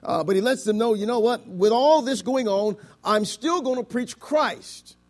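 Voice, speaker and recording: A pastor preaches to his congregation in an extremely high pitch at normal speed. He swings between loud declarations and hushed words, stretches key phrases, and asks frequent rhetorical questions.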